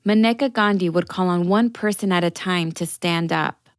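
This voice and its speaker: A woman narrating a documentary story in a measured, scripted way. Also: lowish voice, clean tone, no room sound, clean studio sound. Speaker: podcast narrator. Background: music.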